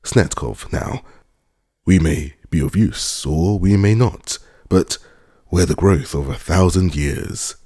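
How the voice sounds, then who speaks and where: A genial old country landowner with grey whiskers, read by a man in an audiobook. He muses and lectures in a deep, gravelly, husky voice that rises and falls a lot. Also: slow pace, mellow, no room sound, studio quality, exaggerated voice. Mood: reflective. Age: older. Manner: genial, reflective, slightly lecturing.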